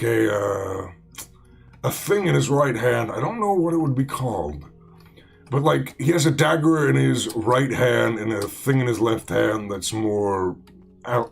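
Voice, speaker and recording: A man talking slowly through a gaming session, his voice husky and gravelly. His pitch swings up and down a lot as he wanders between thoughts, restarting sentences and piling on fillers. Faint music plays underneath. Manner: rambling, full of fillers and restarts. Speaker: let's play host. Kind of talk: casual gaming commentary.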